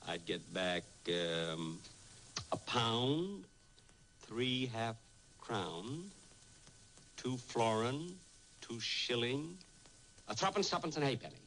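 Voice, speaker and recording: A man's voice: medium pitch, sing-song, slow, long pauses, a bit bright, heavily acted. An actor playing a vain, stingy male comedian star in an old radio comedy, sounding defensive and sheepish. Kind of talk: 1940s radio acting. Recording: noisy old radio broadcast.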